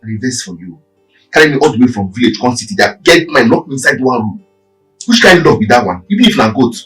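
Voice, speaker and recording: A furious jealous boyfriend. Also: male voice, mid-range voice, very animated, fairly bright tone, recorded from a distance, faint music behind, poor audio. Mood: resentful. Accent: Nigerian Pidgin. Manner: quarrelsome, rapid scolding. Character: jealous angry village boyfriend. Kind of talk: Nollywood film acting.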